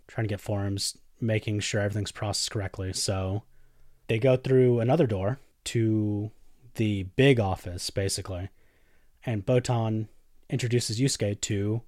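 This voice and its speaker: Low-voiced man recapping casually. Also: a little mellow, no room sound, clean studio sound. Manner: swears casually, acts out characters' lines in quick bursts. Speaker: podcast host.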